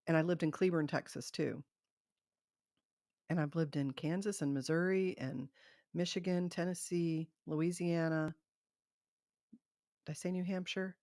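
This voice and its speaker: A woman's voice: low-pitched, a little mellow, dry recording, studio quality. A middle-aged woman hosting a live stream, chatting casually and rambling, laughing often. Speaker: livestream host.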